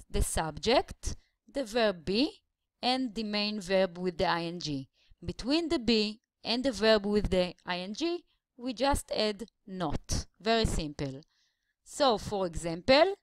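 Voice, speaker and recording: A woman's voice: mid-range voice, dry recording. A woman English teacher, patiently explaining grammar step by step in a slideshow voice-over.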